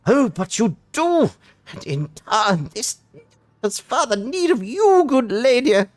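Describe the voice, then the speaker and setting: A pompous, overeager worm knight bellows his pledges in old-fashioned, theatrical speech with a posh English accent. His voice rides high and slow, the words stretched out for grandeur. The recording is dry and close to the mic. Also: very animated, no room sound, full character voice. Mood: beseeching. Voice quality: booming, theatrical archaic diction. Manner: loud, drawn-out, grandiose declarations.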